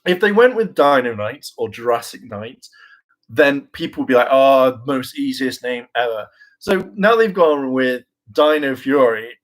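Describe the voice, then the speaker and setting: A man's voice: medium pitch, very animated, normal speed, low-quality recording. A man vlogging in a casual, rambling way, self-mocking and full of fillers and the odd swear word. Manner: chatty and self-mocking, with frequent fillers, laughs and mimicked voices. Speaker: vlogger and hopeful actor.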